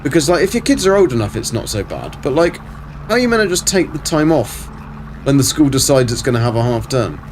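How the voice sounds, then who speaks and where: A man's voice: mid-range voice, very animated, fairly quick, slight background noise. Chatty man streaming a game. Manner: chatty, answers chat and mutters to himself while playing. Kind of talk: casual live game stream.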